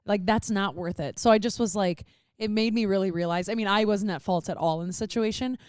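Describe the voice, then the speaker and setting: A woman's voice: mid-range voice, brisk, a little mellow, clean tone, no room sound, clean studio sound. A young woman in her twenties co-hosting a podcast in casual chat, telling a story with swearing and acted-out reactions. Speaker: podcast co-host.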